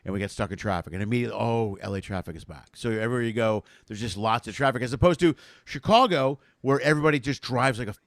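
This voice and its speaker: A man hosting a casual comedy chat, animated and foul-mouthed, acting out little bits as he goes. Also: medium pitch, fast, few pauses, dry recording, studio quality. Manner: animated, swears freely, acts out bits. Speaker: host.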